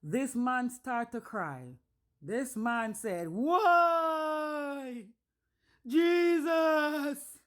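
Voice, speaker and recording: A woman telling a personal story casually, blunt, animated and full of swearing. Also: a little high, slow pace.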